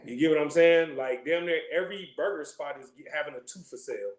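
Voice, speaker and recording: Casting: high-voiced man, quick streetwise scripture class teacher, joking, echoey room. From California. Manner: loose, joking, streetwise slang, constant check-ins with listeners. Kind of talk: casual scripture class talk.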